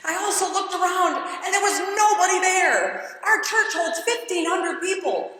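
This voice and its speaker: A woman giving an animated, dramatic testimony as keynote speaker at a church event, acting out what people said to her. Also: very high voice, unhurried. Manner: animated, dramatic storytelling with voiced quotes. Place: large church. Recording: echoey church hall with long reverb.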